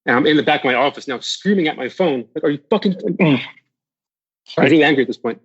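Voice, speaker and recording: A man's voice: mid-range voice, fast talker, breathy edge, highs cut off. A man as a podcast guest candidly recounting a personal near-death story, swearing freely and often restarting his sentences.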